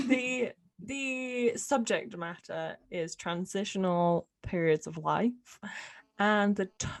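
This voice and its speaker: A woman's voice: medium pitch, takes it slowly. Friendly young British woman. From United Kingdom. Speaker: podcast co-host. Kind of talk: casual chat.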